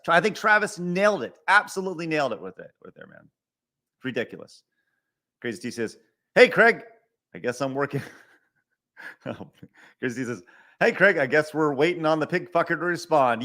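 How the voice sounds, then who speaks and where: His voice sits on the high side, brisk, sing-song, pushed and bright. A middle-aged podcast host, he reads viewer donations on a live stream and rants in exasperation, swearing, repeating himself, tripping over words and restarting often.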